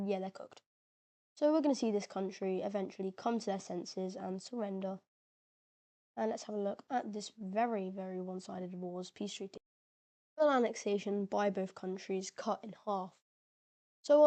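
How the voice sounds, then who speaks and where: Speaking at a medium pitch with a darkish tone, a woman narrates a map game video. Her talk is loose and slangy, packed with fillers, and now and then her voice cracks.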